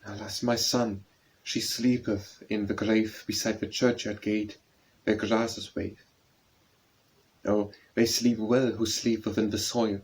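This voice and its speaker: A man's voice: fairly low pitch, level tone, slow. A man voicing a weary widowed father, speaking solemnly to his son in a storybook poem.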